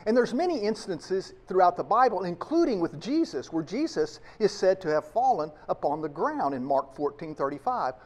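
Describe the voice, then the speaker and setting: Preaching to his flock, a US pastor with a high-sitting, darkish voice speaks with real emphasis. Rhetorical questions run throughout his sermon.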